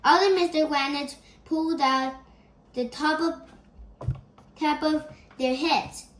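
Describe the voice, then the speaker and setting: A woman reading a children's chapter book aloud in an expressive, gentle storytelling manner. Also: sits high, takes it slowly, slight background noise. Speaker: storybook reader. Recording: echoey room.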